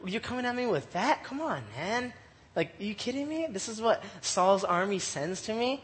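A man's voice: a little high, lively intonation, quick pace, fairly bright tone, voice pushed down. A man voicing a mocking giant warrior who scoffs in casual modern slang.

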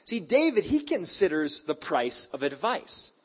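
A male preacher delivering a sermon in a hyper, animated storytelling style, mixing scripture with casual slang. His voice sits a little high and sounds slightly husky. His pitch jumps all over the place. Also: unhurried.

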